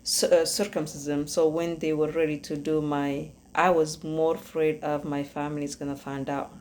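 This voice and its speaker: A woman with an Ethiopian accent, a podcast host giving earnest personal testimony, halting and searching for words. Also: deep voice, flat delivery, darkish tone, slight background noise.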